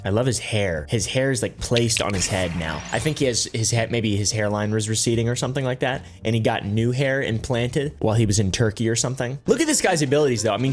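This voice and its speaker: Male reaction-video host, sarcastic and profane, swings his pitch around a lot. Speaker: commentator.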